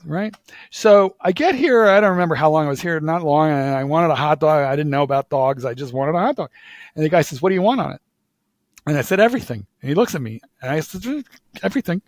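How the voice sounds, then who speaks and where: Animated man telling a story. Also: fairly high pitch, fast, no room sound. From Philadelphia. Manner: animated storytelling with lots of repeated "like"s and restarts. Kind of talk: casual conversation.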